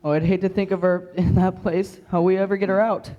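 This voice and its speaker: A teenage boy acting a gentle, worried male tin man in a school stage play, soft-hearted in tone. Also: high voice, flat delivery, fairly quick, highs cut off, close to an everyday voice. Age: teens.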